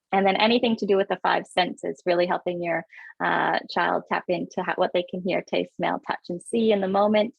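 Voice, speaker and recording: A woman in her thirties presenting a parenting webinar over a video call, talking quickly with many fillers in a friendly, instructive way. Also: medium pitch, gravelly, dry recording, highs cut off. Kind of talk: casual webinar talk.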